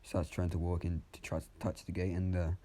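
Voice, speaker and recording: Deep-voiced man rambling through a story. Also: little pitch movement, fairly quick, dark tone, slight background noise. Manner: rambling, frequent restarts, swearing. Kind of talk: casual improvised storytelling.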